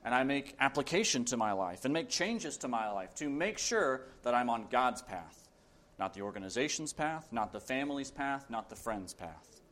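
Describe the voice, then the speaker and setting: Man, preacher, sermon, earnest, emphatic, repeats phrases, mid pitch. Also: big pitch swings, moderate pace, a bit bright.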